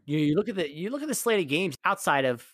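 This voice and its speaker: A man co-hosting a casual sports podcast, relaxed and rambling with frequent restarts. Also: on the high side, quick pace, no echo, clean studio sound. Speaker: podcast co-host.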